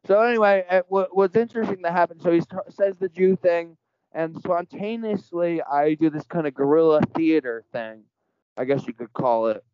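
A man's voice: a little high, moderate pace, clear, resonant tone, no room sound. A man telling a story in casual conversation as a podcast guest, earnest and rambling, framing it in spiritual terms. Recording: dull lo-fi dry sound.

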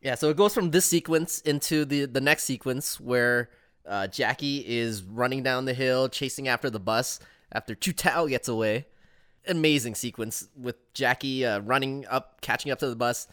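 A man in his thirties co-hosting a casual podcast about movies, animated and laughing as he talks, often restarting his sentences. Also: medium pitch, moderate pace. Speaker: podcast co-host. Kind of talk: casual film discussion chat.

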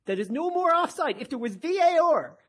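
A man's voice: extremely high pitch, sing-song, a little fast. A man hosting a casual podcast chat, playful and joking. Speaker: podcast host.

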